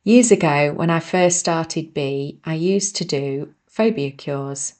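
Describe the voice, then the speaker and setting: Reading her self-help book on her own podcast, this woman speaks slowly in a low, slightly mellow voice. She stops now and then for self-deprecating, chatty remarks aimed at her listeners.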